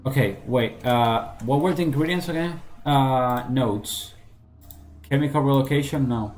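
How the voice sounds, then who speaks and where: A man's voice: medium pitch, measured pace, darkish tone, a little hiss or hum. A man giving casual gameplay commentary, joking, mocking himself and thinking aloud as he plays. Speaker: gameplay streamer.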